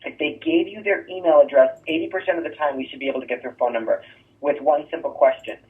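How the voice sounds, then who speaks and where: Guy coaching agents on sales scripts, keeps saying right?, kinda high voice, sounds thin like a phone and far from the mic. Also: fast, phone-quality sound. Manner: coaching, rhetorical "right?" asides. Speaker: real estate trainer. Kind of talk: sales training talk.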